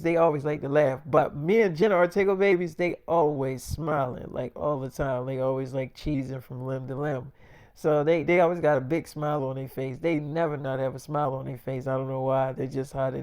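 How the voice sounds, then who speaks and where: A man's voice: on the high side, fairly even intonation, normal speed, darkish tone, clean tone. A man telling a made-up first-person story in a loose, rambling, profane way. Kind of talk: freestyle role-play storytelling.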